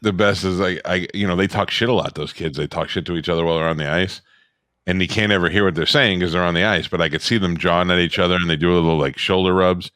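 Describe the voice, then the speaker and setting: Very deep fast-talking podcast host man. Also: steady tone, fairly bright tone, no echo, clean studio sound. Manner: rapid, crude, joking. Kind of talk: casual podcast banter.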